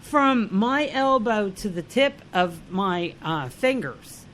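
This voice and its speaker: A woman co-hosting a comedy podcast, chatting casually and laughing often as she tells animated stories. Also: medium pitch, slow, slight background noise. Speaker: podcast co-host.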